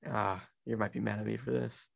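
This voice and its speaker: Brief: male podcast co-host, gravelly fry in the voice, dry close sound, relaxed and agreeable. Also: on the low side, a little fast, no echo. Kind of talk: casual chat.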